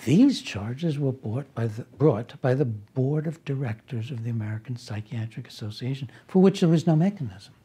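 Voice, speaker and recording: Man, very raspy voice, dark tone, casual storytelling, wry asides. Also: mid-range voice, animated, normal speed, hardly any pauses. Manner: anecdotal, with wry asides and restarts. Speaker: speaker recounting a personal conflict. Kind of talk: conversational storytelling.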